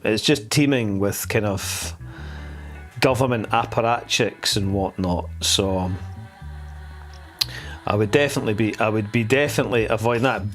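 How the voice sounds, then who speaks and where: A male live-show host with an Edinburgh Scottish accent. He rambles and jokes sardonically, tripping over restarts and fillers. Faint music plays underneath his voice. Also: fairly low pitch. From Edinburgh, Scotland. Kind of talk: casual live-stream talk.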